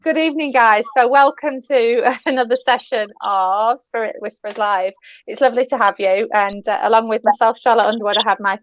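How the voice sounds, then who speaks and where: A woman hosting a live online chat show, laughing often and speaking warmly to her guests. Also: fairly high pitch, steady tone, a little fast, no echo. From Scotland. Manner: laughs often, warm and gushing. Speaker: host. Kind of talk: casual chat on a live stream. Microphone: video call. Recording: dull lo-fi online call audio.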